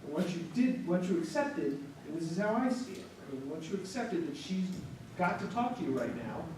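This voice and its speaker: A man's voice: high-pitched, big pitch swings, brisk, a little mellow. A man taking part in a group discussion at a seminar, thoughtfully explaining how he sees things. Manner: thoughtful, explains his view. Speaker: seminar participant. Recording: echoey room, distant mic, noisy.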